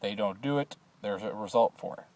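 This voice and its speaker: A man's voice: on the low side, fairly quick, a little mellow. A man recording a class assignment on a phone, hesitant with many filler sounds, then reading a story aloud. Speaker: student.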